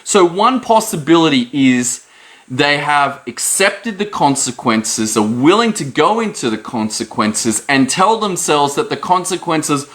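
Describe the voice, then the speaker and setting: A man giving a lively motivational talk to camera, leaping up in pitch to stress his points. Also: unhurried. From Australia. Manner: animated, jumps high in pitch for emphasis. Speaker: host.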